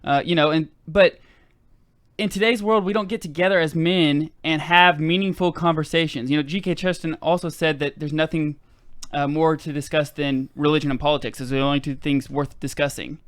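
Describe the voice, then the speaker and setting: A man's voice: a little high, fairly even intonation, brisk, no echo, clean studio sound. A man co-hosting a talk podcast, chatting casually and eagerly. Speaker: podcast co-host. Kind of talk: casual chat.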